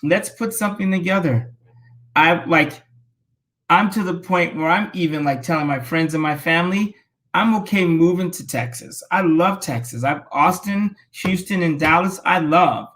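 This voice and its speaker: Animated, laughing man from California. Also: moderate pace. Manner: animated, laughing, enthusiastic pitching. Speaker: guest financial commentator. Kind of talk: casual talk show chat.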